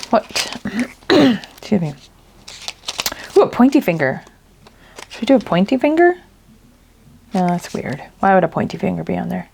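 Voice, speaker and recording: Woman crafter, unhurried talk, throat a bit ticklish, chats as she works, some noise behind. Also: fairly low pitch. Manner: chatty, thinks aloud while working. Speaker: crafting channel host. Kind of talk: casual crafting chat.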